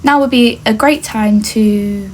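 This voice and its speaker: A young adult English woman with a fairly high-pitched voice talks unhurriedly to camera in a casual vlog about herself, with a little hiss or hum in the recording. She comes across as earnest and chatty, leaning on "like" and "obviously."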